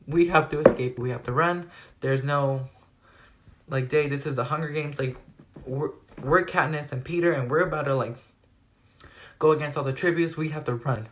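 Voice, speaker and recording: A teenage young man telling a personal story to his vlog audience in a rambling, animated way, packing nearly every phrase with "like.". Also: medium pitch. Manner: rambling, animated retelling full of "like". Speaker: vlogger. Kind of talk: storytime retelling.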